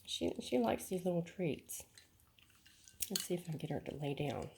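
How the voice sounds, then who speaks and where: A middle-aged woman, chatting casually while training a puppy and breaking off for quick commands. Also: fairly low pitch, sing-song, creaky, slight background noise. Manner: chatty, repeats words, sharp commands to puppy. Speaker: dog breeder.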